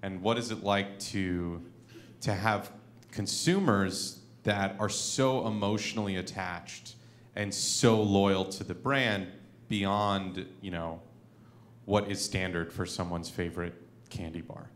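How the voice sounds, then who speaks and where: A man's voice: low voice, slow pace, a bit bright. A man at a panel conversation asking a long, thoughtful question. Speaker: panel participant, son of a co-president. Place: synagogue event hall.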